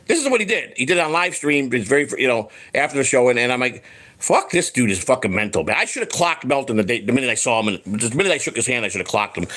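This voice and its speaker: A man's voice: mid-range voice, fairly bright tone. A man hosting a casual livestream chat, rambling and profane, with lots of restarts, acting out what other people said. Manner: acts out quoted people in his voice. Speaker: host.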